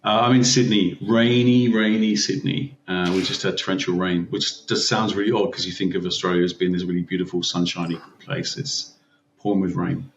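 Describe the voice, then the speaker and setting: A man's voice: low voice, level tone, a little fast, a little hiss or hum. A middle-aged man from Devon with a neutral English accent, a chatty, self-mocking podcast guest who laughs often. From Devon, England. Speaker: guest, teacher and founder. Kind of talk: casual interview chat. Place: room in Sydney. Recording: roomy, distant, dull call audio.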